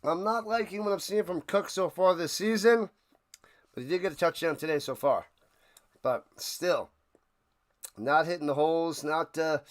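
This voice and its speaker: Man, slightly high voice, livestream watch-party host, casual play-by-play, jokey excitable asides.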